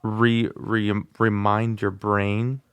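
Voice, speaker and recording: Low-voiced man hosting a home singing vlog. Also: flat delivery, very slow, clear, resonant tone, no echo. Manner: chatty, self-deprecating, practicing vocal exercises aloud. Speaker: music channel host. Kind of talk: casual vlog lesson. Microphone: studio microphone.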